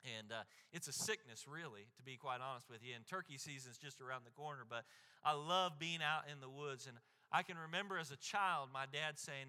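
Male pastor, sermon, piercing bright tone, long hall reverb, earnest and repetitive storytelling. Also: mid-range voice, a little fast, clear, resonant tone. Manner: earnest storytelling, often repeats and restarts words; speaks to the crowd directly, asking "right?".

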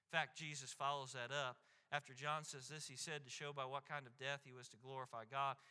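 A man's voice: mid-range voice, flat delivery, fairly quick, pushed and bright, clear, resonant tone, long reverb tail. A man preaching a sermon as a pastor, telling stories earnestly, often repeating and restarting words, and asking the crowd "right?".

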